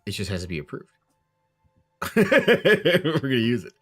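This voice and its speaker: A man who runs the tabletop game talks loosely, with plenty of fillers and restarts. His pitch swings widely, and there is faint music under the whole chat. His voice sits at an ordinary middle height. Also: measured pace. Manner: rambling, filler-heavy, animated. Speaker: game master.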